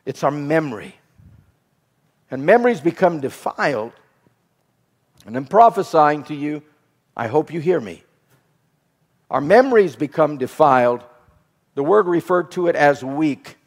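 A man's voice: on the high side, lively intonation, measured pace, long pauses. Emphatic man preaching in an echoing hall. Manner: emphatic, repetitive preaching cadence. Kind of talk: sermon. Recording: reverberant hall.

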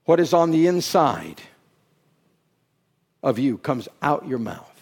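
A middle-aged man preaching a sermon, dropping to hushed, drawn-out phrases and then climbing into loud, emphatic bursts. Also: mid-range voice, very animated, creaky. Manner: slow, drawn-out words for emphasis.

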